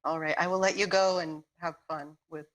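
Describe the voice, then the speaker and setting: A woman's voice: on the low side, steady tone, normal speed, low-quality recording. Giggly woman guest saying goodbye. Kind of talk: casual call-in chat.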